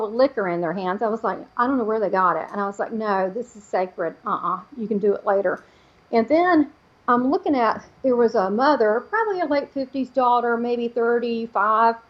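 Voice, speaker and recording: Woman guest, psychic storyteller; lively, acts out quotes; fairly high voice, muffled recording. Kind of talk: telling a personal story in an interview.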